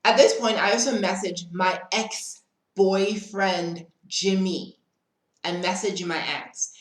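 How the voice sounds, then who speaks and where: A woman's voice: medium pitch, fairly even intonation, takes it slowly, roomy sound, rough recording. A woman telling a dramatic storytime in casual chat, often calling the listener "girl". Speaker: storytime vlogger.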